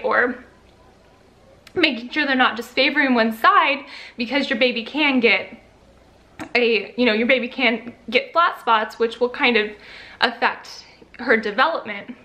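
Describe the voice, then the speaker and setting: A woman's voice: a little high, bright, forceful tone. A young woman and first-time mom chatting casually to her vlog audience, full of fillers, at times emotional. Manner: chatty, lots of fillers, gets emotional and teary. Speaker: vlogger.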